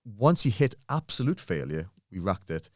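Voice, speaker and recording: Deep bloke telling a gym story, swears a lot, acts out quotes, dry sound. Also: male voice, sing-song, moderate pace, no echo. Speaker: podcast guest, bodybuilder. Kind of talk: casual storytelling.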